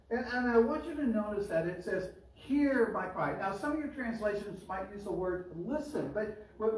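A man's voice: high voice, slight background noise. A man preaching a sermon as pastor, in a chatty way, pushing his voice up on the words he stresses. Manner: conversational preaching, rising emphatic on key words. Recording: roomy echo, mic at a distance.

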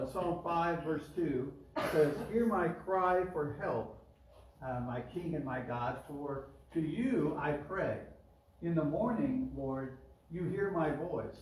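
A man's voice: on the high side, lively intonation, unhurried, darkish tone, a little hiss or hum. Echoey preaching man, heard from afar. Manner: conversational preaching, rising emphatic on key words. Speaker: pastor. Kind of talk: sermon. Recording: roomy echo, mic at a distance.

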